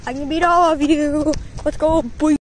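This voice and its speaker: A woman acting out a plush toy skit, voicing several characters in excitable, playful banter full of slang. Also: sits high, moderate pace, slight background noise. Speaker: plush toy video maker. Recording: music playing under the voice.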